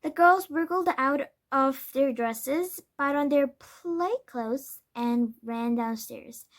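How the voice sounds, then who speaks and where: Slow, high-voiced woman reading aloud. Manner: careful, with small self-corrections. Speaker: storybook reader. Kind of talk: children's book read-aloud.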